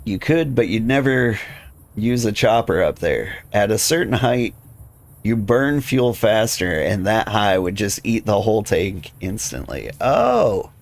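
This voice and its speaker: A man's voice: fairly low pitch, measured pace. A man chatting casually and rambling while streaming a game, his voice tired and wearing thin, with lots of filler words. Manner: rambling, relaxed, many "like" fillers. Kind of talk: casual live-stream chat while playing.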